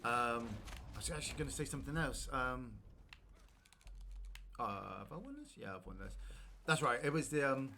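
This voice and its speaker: Male gaming streamer, casual rambling chat, bursts of loud excitement, mid-range voice. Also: mid-range voice, moderate pace, long pauses, a little hiss or hum. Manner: rambling, animated, prone to sudden shouts at the game. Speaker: streamer playing a video game.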